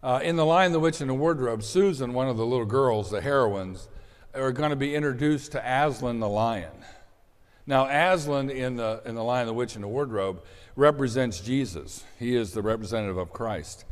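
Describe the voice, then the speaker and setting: A man preaching a sermon in an animated way, dropping to soft asides and rising to shouted bursts. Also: mid-range voice, normal speed. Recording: long hall reverb.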